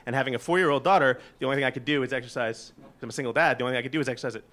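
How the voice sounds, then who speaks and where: A man in his forties telling a funny personal story, animated and profane, often laughing. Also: mid-range voice, racing. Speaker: guest storyteller.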